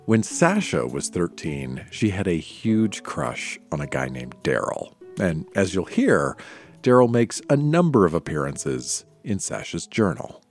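Lively Canadian man narrating. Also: low voice, a little slow, soft background music. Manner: lively, introducing readers. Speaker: podcast host. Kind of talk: scripted narration.

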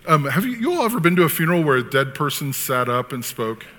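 A man preaching a sermon as pastor, talking in an animated, conversational way with frequent asides. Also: on the high side, fast talker. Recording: long hall reverb.

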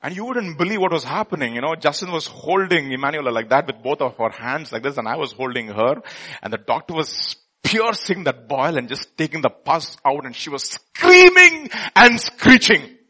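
A middle-aged man preaching a sermon, passionate and full of rhetorical questions, dropping to a hush and then rising to a shout. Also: a little high, animated, a little fast, breathy edge. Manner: impassioned, swinging from hushed to shouting; asks the listeners rhetorical questions.

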